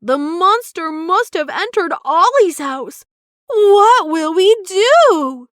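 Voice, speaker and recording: A woman voicing an excitable young girl in a children's story, calling out loudly and excitedly. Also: extremely high pitch, slow pace, no room sound, studio quality, pitched above the performer's own voice, exaggerated voice. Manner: excited, loud exclamations.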